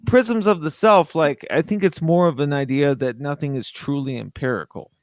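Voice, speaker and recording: A man's voice: on the high side, dry recording, clean studio sound. A man talking in a casual chat who rambles and stumbles over his words while he tries to explain an idea. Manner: rambling and halting, apologetic.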